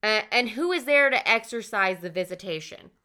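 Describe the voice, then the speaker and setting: A woman voicing a flat, unhelpful male emergency dispatcher with a plodding, dismissive manner. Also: medium pitch, moderate pace, smooth.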